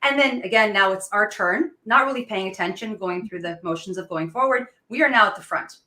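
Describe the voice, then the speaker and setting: A woman in her thirties hosting a podcast, chatting in an excited, gushing way with frequent laughs. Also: mid-range voice, a little fast, reverberant. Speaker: podcast host. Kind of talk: casual interview chat.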